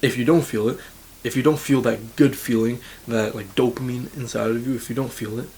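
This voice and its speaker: A man's voice: mid-range voice, fairly even intonation, brisk, darkish tone, slight background noise, low-quality recording. An eighteen-year-old man from Canada giving blunt, casual self-improvement advice to camera as a university student, swearing freely and saying "like" a lot. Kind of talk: motivational talk to camera.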